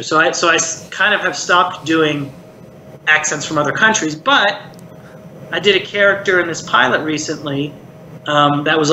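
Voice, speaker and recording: Middle-aged guy from maryland, chatty and rambly, bright voice in an echoey room. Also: a little high. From Maryland, United States. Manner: chatty, reflective, lots of "like" and "you know". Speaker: puppeteer and voice actor, guest. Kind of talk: casual interview chat. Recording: roomy echo, faint hiss.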